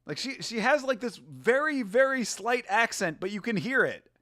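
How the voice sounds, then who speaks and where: A man chatting casually as he reacts live to a grappling event, excitable and laughing often as he talks to his viewers. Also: extremely high pitch, moderate pace, no room sound, studio quality.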